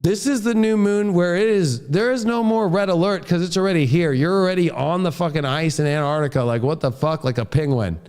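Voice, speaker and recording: High-voiced man in a profane rant. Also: brisk, hardly any pauses, a little mellow, smooth. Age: adult, a father. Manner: heated, profane ranting. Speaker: astrologer. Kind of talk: astrology forecast monologue.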